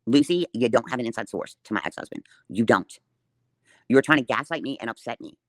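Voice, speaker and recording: Woman ranting fast on a live stream, swears a lot, defiant, dry close sound. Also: a bass voice, expressive, no echo. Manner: defiant, profane, confrontational. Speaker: livestreamer. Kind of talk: livestream rant to viewers.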